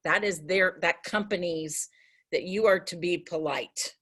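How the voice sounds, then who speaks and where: A woman's voice: on the low side, a little slow, a bit bright, husky. A woman teacher talking earnestly with her class on a video call, rambling and restarting her sentences.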